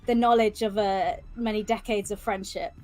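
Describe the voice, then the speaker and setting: A woman's voice: medium pitch, fairly even intonation, moderate pace, darkish tone, faint music behind. A woman playing a tabletop role-playing game, chatting casually and playfully with fillers. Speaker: player.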